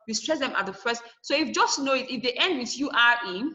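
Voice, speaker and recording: A woman's voice: fairly high pitch, animated, quick pace, pushed and bright, muffled recording. A woman teacher giving a classroom lesson, asking and answering her own questions and spelling words out letter by letter.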